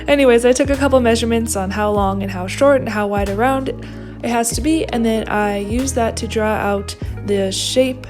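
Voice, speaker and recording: A woman's voice: a little high, moderate pace, over music. Chatty young woman vlogging her sewing. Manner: chatty and upbeat, giggly asides. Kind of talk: casual sewing vlog narration.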